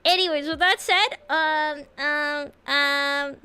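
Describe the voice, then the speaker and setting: A woman's voice: high-pitched, fairly even intonation, slow pace, sharp tone. A woman streamer chatting casually with her viewers, bubbly and giggly, slipping in playful meows. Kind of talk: casual livestream chat greeting viewers.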